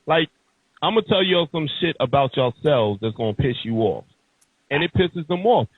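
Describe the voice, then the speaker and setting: A man's voice: on the high side, animated, normal speed. A man hosting a podcast, ranting heatedly and emphatically in casual, profane talk. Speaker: podcast host. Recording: tinny phone-like sound.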